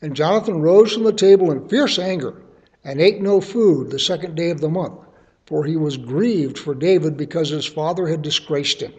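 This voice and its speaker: A man's voice: a little high, moderate pace, a little mellow. A middle-aged man teaching the Bible verse by verse, reading passages aloud and then explaining them in casual, everyday terms.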